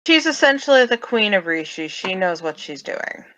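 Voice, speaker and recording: A woman voicing a calm, assured woman leader in a tabletop game, speaking in a measured, reassuring way. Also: medium pitch, highs cut off.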